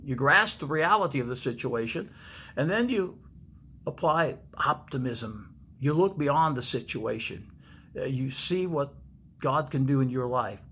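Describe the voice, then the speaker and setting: A man's voice: medium pitch, fairly bright tone, slight background noise. A man, a pastor, giving a devotional video message to camera in a storytelling manner and repeating key lines for emphasis. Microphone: speaking to camera.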